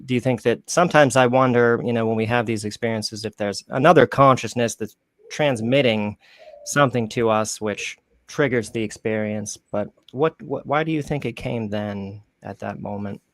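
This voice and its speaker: A man's voice: medium pitch, moderate pace, fairly bright tone. A man hosting a podcast interview, asking long, rambling questions with frequent restarts. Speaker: podcast host.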